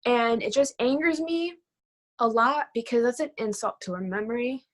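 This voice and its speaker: A woman's voice: a little high, normal speed. Young woman telling her story casually. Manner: casual, filler-heavy speech with frequent "like". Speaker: guest. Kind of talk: personal storytelling interview.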